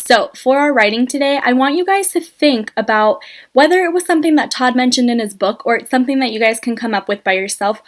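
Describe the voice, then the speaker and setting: A woman teacher giving a writing lesson to young children, speaking slowly and encouragingly and stretching out letter sounds. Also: on the high side.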